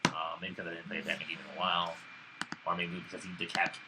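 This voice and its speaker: A man's voice: deep voice, completely flat delivery, quick pace. A man co-hosting a podcast, chatting casually about video games and rambling with lots of ums. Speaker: podcast co-host. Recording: noisy live room.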